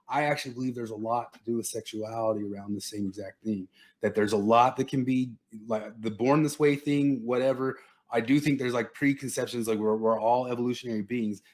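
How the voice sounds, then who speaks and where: A man's voice: mid-range voice, steady tone, fairly quick, a little mellow. A young man co-hosting a casual podcast chat, talking in a chatty way and lecturing at times. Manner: chatty, laughs often, lecturing aside. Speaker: podcast co-host.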